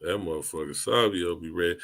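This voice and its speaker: A man co-hosting a show, telling animated stories in casual chat, often mimicking others and laughing. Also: low voice, fairly quick, creaky. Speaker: podcast co-host.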